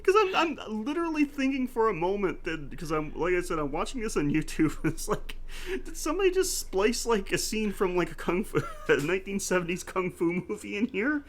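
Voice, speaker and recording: A lively podcast co-host talks through a horror movie in loose, casual chat. The pitch swings widely as they swear and laugh their way through the scenes, at a middling pitch. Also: a little fast. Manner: animated, swears freely, laughs often.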